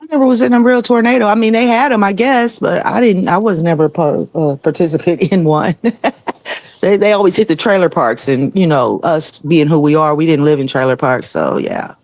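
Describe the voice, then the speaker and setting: A man chatting casually on a stream, relaxed and laughing between thoughts. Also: a little high, fairly quick, dry recording. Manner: relaxed, laughs often, trails off. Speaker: guest on stream. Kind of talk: casual chat.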